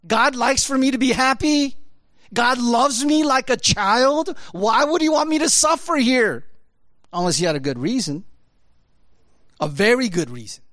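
Animated preacher, lively sweeping pitch. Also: male voice, dry recording. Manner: animated, swings between loud high emphasis and low quiet asides; casual, conversational with frequent laughs and fillers. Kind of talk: sermon.

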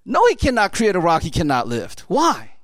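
A man's voice: sits high, huge pitch swings, normal speed, no echo, studio quality. A middle-aged man preaching a sermon in a loose, conversational way, often checking in with "right?". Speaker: pastor.

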